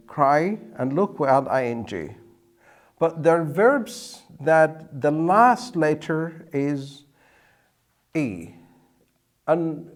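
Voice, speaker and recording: A male teacher explains grammar slowly and deliberately, repeating key words. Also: a little high. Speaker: English teacher. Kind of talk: explaining at a whiteboard.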